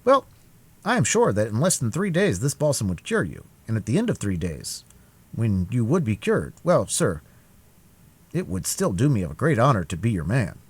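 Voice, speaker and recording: A man voicing an earnest young male swordsman from Gascony in a storybook reading, speaking high and politely eager. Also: huge pitch swings, normal speed, slightly rough, heavily acted.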